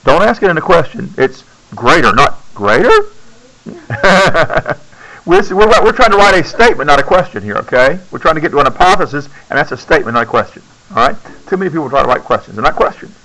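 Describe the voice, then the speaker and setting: Male teacher, slightly high-pitched, classroom lecture, chatty and coaxing. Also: lively intonation, fast talker, bright, forceful tone, low-quality recording. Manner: checks in often, coaxing students to answer. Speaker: science teacher.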